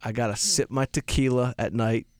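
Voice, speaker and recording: A man's voice: mid-range voice, normal speed. A male comedian and podcast host telling rambling, self-mocking stories in casual chat, swearing freely. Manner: profane, rambling storyteller.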